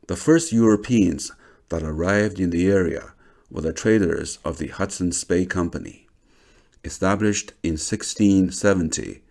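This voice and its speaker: Low gravelly male documentary narrator. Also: warm tone.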